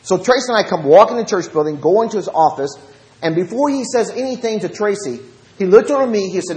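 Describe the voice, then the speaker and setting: Southern preacher telling lively stories. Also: male voice. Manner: lively anecdotes, shifts between fast and slow low talk. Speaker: preacher and Bible study teacher. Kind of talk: storytelling lesson. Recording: roomy echo.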